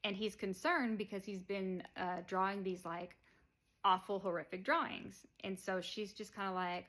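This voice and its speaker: A woman's voice: mid-range voice, fairly even intonation, normal speed, a bit bright. Rambling woman recapping a movie. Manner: rambling, filler-heavy, chuckling now and then. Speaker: movie reviewer. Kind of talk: casual plot recap.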